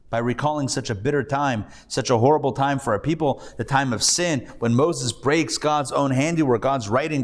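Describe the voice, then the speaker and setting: Rabbi teaching a lively class. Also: male voice, mid-range voice. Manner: animated storytelling with rhetorical questions. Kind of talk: live class lecture. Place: classroom before a live audience.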